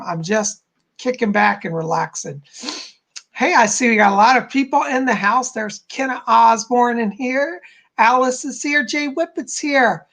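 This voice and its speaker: A man with a gravelly, fry-edged voice hosts a live stream in easy, casual chat. He is bubbly and chatty, greeting viewers one after another and reading out their comments. His tone stays relaxed and friendly. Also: very high-pitched. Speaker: psychic medium hosting a live stream.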